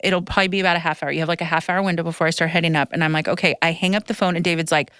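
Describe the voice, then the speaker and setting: A woman podcast host in her thirties, talking into a close, dry microphone with a slightly low voice. She tells long stories in a loose, rambling way, and the memories make her emotional and tearful. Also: steady tone, rapid-fire, fairly bright tone, clean tone, no room sound. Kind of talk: casual chat.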